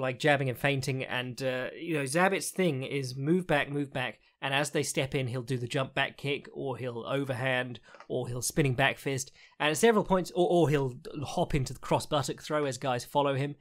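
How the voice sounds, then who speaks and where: A man's voice: medium pitch, fairly quick, hardly any pauses. A man hosting a podcast, recapping fights in a rambling, frank way with lots of fillers, the odd swear and laughs. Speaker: podcast host, fight analyst. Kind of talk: casual solo commentary recap.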